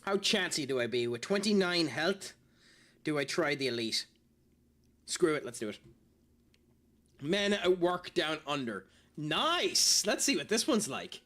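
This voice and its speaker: Guy streaming, kinda high voice, bouncy, lots of ums and laughing at himself. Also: sing-song, a little slow, long pauses, fairly bright tone. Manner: chatty, laughs at himself, many fillers. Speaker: game streamer. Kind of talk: casual live-stream commentary.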